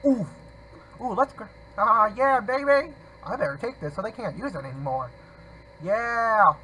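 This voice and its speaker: A man giving excitable gameplay commentary, talking to himself and often apologizing. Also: high-pitched, normal speed, slight background noise, rough recording. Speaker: gamer.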